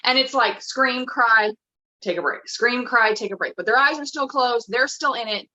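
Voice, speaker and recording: A woman's voice: fairly high pitch, normal speed, sharp tone, highs cut off. A woman guest on a podcast, talking in an emphatic, blunt way. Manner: emphatic and blunt, swears casually. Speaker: guest coach. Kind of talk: casual podcast conversation.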